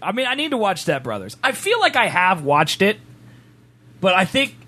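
Jokey bright-voiced man chatting. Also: high-pitched, very animated, normal speed. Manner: laughing, jokey, puts on silly fake British accents. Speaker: podcast co-host. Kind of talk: casual chat reacting to a movie trailer.

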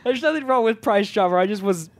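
A man's voice: sits high, expressive, fast talker, over a noisy crowd. A man hosting a podcast in casual banter, teasing his guest and laughing often. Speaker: podcast host.

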